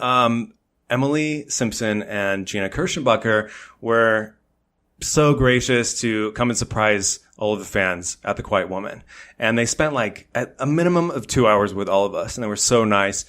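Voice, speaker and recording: A man's voice: lowish voice, normal speed. Chatty man telling a story. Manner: animated storyteller, acts out quotes. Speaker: podcast guest. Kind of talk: casual chat.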